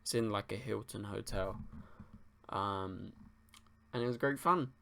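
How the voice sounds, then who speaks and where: Gravelly laid-back young man. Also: fairly low pitch, unhurried, sharp tone. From England. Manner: laid-back, rambling, swears casually. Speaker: livestream host. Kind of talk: casual livestream chat answering viewers.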